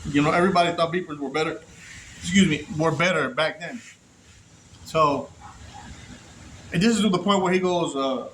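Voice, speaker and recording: High-voiced man telling a story, echoey room. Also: moderate pace, long pauses, a bit bright, slight background noise. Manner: rambling, profane, restarts often. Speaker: former inmate telling his story. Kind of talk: casual storytelling to camera.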